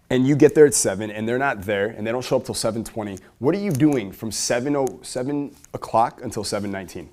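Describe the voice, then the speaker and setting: A man with a fairly low voice gives an energetic seminar talk to a live audience. He fires off rhetorical questions and swings between loud emphasis and quiet asides.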